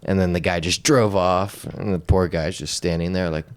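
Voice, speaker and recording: A man's voice: low voice, steady tone, normal speed, smooth. A man co-hosting a comedy podcast, chatting casually and teasing his friend, laughing often. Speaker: podcast co-host.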